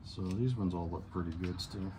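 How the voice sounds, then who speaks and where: A man's voice: low-pitched, normal speed, heavy background noise. A man working as a mechanic, explaining an engine teardown in an easygoing, folksy way. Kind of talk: casual shop talk to camera. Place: garage workshop.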